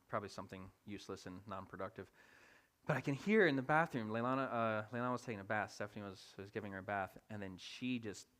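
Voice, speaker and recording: A man in his thirties preaching in a church, telling a family story in an animated way and acting out the voices of his family. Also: on the low side. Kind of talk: storytelling sermon. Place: church sanctuary.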